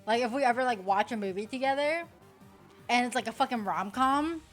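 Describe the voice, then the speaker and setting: A woman's voice: a little high, a little fast, fairly bright tone, soft background music. Chatty young woman, lots of "like". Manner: rambling, swears freely, fills talk with "like", laughs often. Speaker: streamer. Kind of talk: casual chat while playing online poker.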